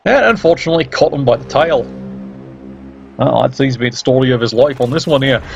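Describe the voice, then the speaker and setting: A man calls a tabletop-style game in casual play-by-play, teasing the players with dry, sardonic jabs and the odd swear. His voice sits at an ordinary middle pitch. Faint noise hums under the recording. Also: a little fast, vocal fry. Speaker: game commentator.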